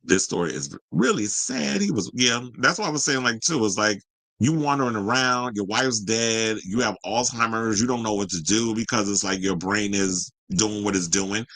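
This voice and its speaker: A man's voice: lowish voice, moderate pace, a bit bright, rough recording. A man hosting a casual solo pop culture commentary show, chatty and sassy with rambling asides.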